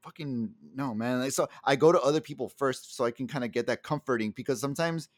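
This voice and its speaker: A man in a loose podcast chat, his voice recorded close and dry with no room around it. He rambles and restarts often, swears freely and talks like an openly emotional guy. His pitch sits in an ordinary middle range. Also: fast, dry recording. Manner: self-described very emotional. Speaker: podcast co-host. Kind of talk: casual chat.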